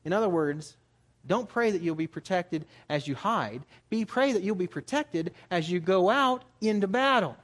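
A man's voice: high-pitched, expressive, normal speed, fairly bright tone. A man preaching as a pastor, in a conversational style that builds to emphatic urging. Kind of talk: sermon.

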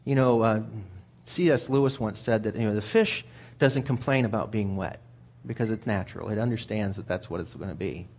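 A man's voice: fairly low pitch, fairly quick, hardly any pauses, darkish tone. A man preaching a sermon in a conversational way, often repeating words as he thinks aloud.

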